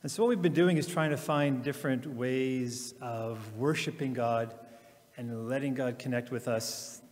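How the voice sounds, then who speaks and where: A male pastor giving a sermon, then reading scripture slowly and reflectively with long pauses. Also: mid-range voice, steady tone, a little mellow, big-room sound. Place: church.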